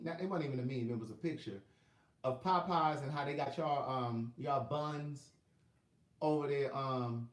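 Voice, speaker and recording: A talkative man with a Southern US accent chats with his viewers on a live stream, wandering from story to story as he looks at his phone. His voice sits a little higher than most men's. The sound bounces around an echoey room. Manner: chatty, rambling, talks to viewers by name while checking his phone. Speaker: livestream host selling books. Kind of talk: casual live chat with viewers.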